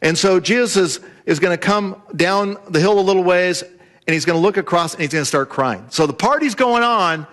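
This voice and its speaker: Animated high-voiced male preacher. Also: moderate pace. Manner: animated storytelling, acts out quoted voices. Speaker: pastor. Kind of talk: sermon.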